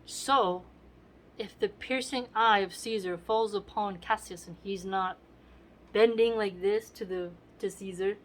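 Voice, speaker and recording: A woman's voice: mid-range voice, unhurried. A woman teaching literature, explaining a play in a conversational way and often checking in with the listener. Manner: conversational, asks "right?" often.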